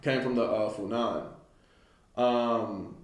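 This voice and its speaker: A man's voice: mid-range voice, fairly even intonation, slow. A man giving an informal Bible study lesson, reading a text aloud and commenting loosely with many fillers. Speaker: Bible teacher. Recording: echoey room.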